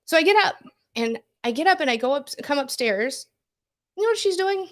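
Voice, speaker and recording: A middle-aged woman co-hosting a podcast, telling a story in an animated, breathless way with quick asides. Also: sits high. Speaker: podcast co-host. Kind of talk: casual storytelling chat.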